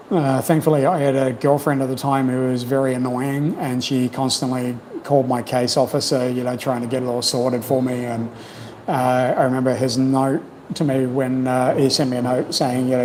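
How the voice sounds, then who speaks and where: A New Zealand man hosting a casual livestream chat tells stories frankly, swearing a lot and filling his speech with fillers. His voice is mid-range and somewhat dark. The rough recording carries a slight hiss or hum.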